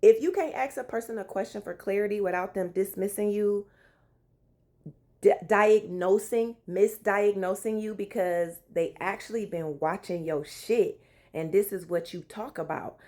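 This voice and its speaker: A young woman telling a story to her followers in a casual, slangy, animated way, with swearing and dramatic emphasis. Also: mid-range voice, moderate pace. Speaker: relationship advice vlogger.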